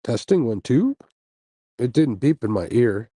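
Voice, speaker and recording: A laid-back man chats through a casual livestream with a mellow, warm voice. He sounds sleepy and easygoing, with fillers and small laughs. The sound is dry and close, through an earbud mic. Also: medium pitch, very animated, unhurried, husky, no room sound, rough recording. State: sleepy, yawning after a night without sleep. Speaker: host of a fishing channel, livestreaming. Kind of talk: casual livestream chat, reading viewer comments. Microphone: earbuds mic on a phone stream.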